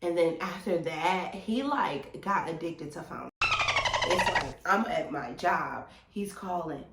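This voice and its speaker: Animated young woman telling a storytime. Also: medium pitch, measured pace, roomy sound. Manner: animated, slangy, addresses viewers as y'all. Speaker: vlogger. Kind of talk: storytime vlog.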